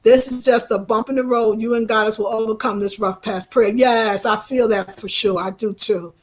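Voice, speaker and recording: A woman with a New York accent, chatting casually on a live stream and reading viewer comments in an animated, expressive way. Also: on the high side, normal speed. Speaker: travel vlogger.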